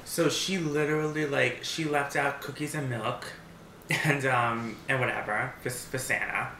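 Casual vlogger, male, around 30, bright voice, rambling storyteller, echoey home recording. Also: medium pitch, fairly even intonation, unhurried, slight background noise. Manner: rambling storyteller, many restarts and fillers. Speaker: mukbang vlogger. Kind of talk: casual chat. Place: home, seated eating at a table. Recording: roomy echo.

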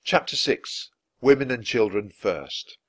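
A man reading a children's book aloud, clear and expressive, at an easy pace for learners. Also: mid-range voice, a little slow, no room sound. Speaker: storybook reader.

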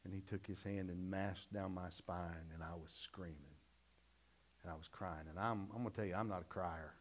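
Folksy pastor telling a story. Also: male voice, deep voice, steady tone, normal speed. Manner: folksy storytelling testimony, swings from loud to hushed. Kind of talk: sermon.

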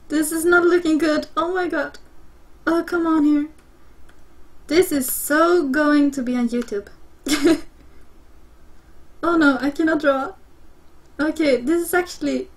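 A young woman streaming a platform game live, swearing freely and talking to her chat. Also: sits high. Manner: swearing, excitable, talks to chat. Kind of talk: live gameplay commentary.

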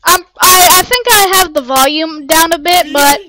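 A woman casually commentating her gameplay in an excitable, rambling way, full of playful slang, on a cheap home mic. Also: very high voice, moderate pace, background noise. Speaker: gameplay streamer. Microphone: cheap desk mic.

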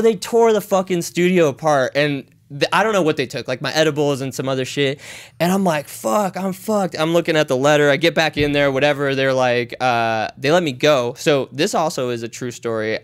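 Animated, profane man in his thirties. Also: fairly high pitch, clear, resonant tone. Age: 30s. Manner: animated, swears constantly, acts out quotes. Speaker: podcast guest. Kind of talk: casual storytelling.

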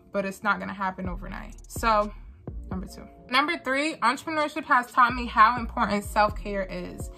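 Bright-voiced earnest young woman vlogger. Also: mid-range voice. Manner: earnest, repeats phrases for emphasis. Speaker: vlogger and small business owner. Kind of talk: candid talking-head vlog.

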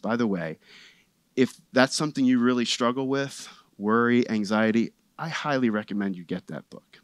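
A man's voice: medium pitch, no room sound. Guy preaching, casual storytelling pastor, mid voice, dry sound. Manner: conversational, animated storytelling with asides and humor. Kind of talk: sermon. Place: church sanctuary.

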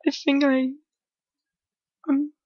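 A woman giving frantic gameplay commentary, shouting and wailing in mock despair. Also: high-pitched, little pitch movement, extremely slow, no room sound, muffled recording. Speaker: gamer recording gameplay.

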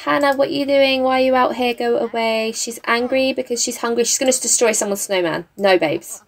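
A woman with a somewhat high voice talks through a game at her home desk mic. She laughs often and scolds the characters as she plays, chatting casually the whole way. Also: fairly quick, vocal fry. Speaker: gaming YouTuber. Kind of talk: casual gameplay commentary. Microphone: desk mic with face cam.

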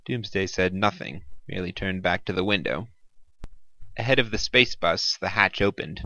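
Man narrating a story, bright and wry. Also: deep voice, moderate pace. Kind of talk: audiobook narration.

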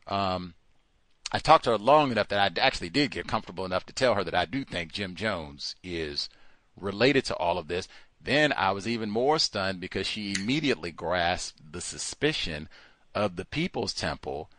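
A man hosting a call-in talk show, speaking in an animated, emphatic way and repeating words for stress. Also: fairly low pitch, no room sound. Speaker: host. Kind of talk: call-in radio talk monologue.

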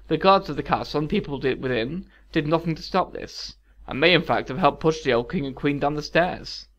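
A man reading a dark fairy tale aloud in a measured, expressive way as a storyteller. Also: on the high side. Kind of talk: scripted fairy-tale narration.

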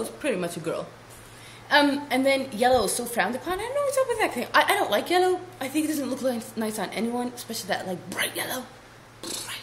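A young woman rambling through a comedic vlog, playful and silly, with giggly asides. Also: fairly high pitch. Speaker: vlogger. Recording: echoey room with faint hiss.

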